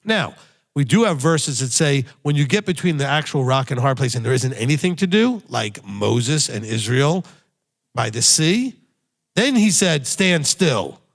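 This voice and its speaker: Blunt, animated preaching man. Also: medium pitch, normal speed. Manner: blunt, emphatic exhortation, repeats key phrases. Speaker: rabbi. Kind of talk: recorded sermon teaching.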